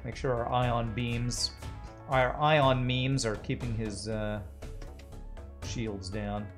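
A man's voice: medium pitch, fairly even intonation, takes it slowly, music in the background. A male game streamer with a mid-range voice chats casually with viewers. He jokes around and reads their comments aloud between moves. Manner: jokey, reads chat aloud.

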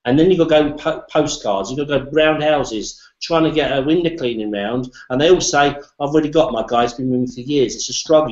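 A man's voice: fairly high pitch, a little mellow. A British man talking in a blunt, jokey, salesy way during a casual online hangout. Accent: British English. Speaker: business presenter. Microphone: video call. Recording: echoey, dull lo-fi web call audio.

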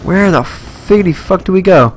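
A man's voice: sits high, animated, normal speed, a little hiss or hum. A young man commentating a live horror game stream, jumpy and swearing at scares. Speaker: let's play streamer.

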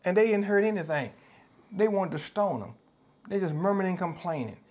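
Preaching with a Southern US accent, this American pastor has a high-pitched, slightly mellow voice that moves fairly quickly and with animation. His sermon is passionate and emphatic, full of repeated phrases and acted-out voices of the people he quotes.

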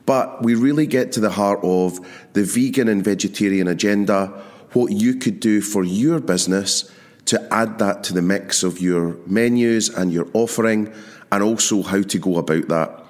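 A man's voice: fairly low pitch, normal speed, darkish tone. A man hosting a food marketing podcast, chatting enthusiastically with plenty of fillers. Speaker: podcast host. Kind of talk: casual podcast interview.

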